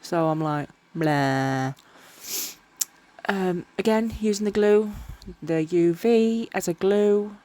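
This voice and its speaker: A woman's voice: medium pitch, a little slow, few pauses, dark tone. A tired woman chatting casually while crafting, rambling and often tripping over her words. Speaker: miniature crafter. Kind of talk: casual crafting vlog narration.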